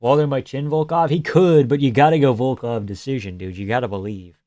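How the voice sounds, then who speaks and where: Speaking a little fast in a dark, medium-pitched voice, a male streamer reads viewer comments out loud. He responds with loose jokes, occasionally lowering to a near-whisper, in a relaxed live stream chat.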